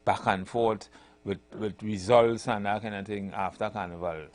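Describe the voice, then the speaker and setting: Relaxed radio host. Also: male voice, on the low side, moderate pace. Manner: relaxed, agreeable, chuckles often. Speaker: radio talk show host. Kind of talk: casual radio chat.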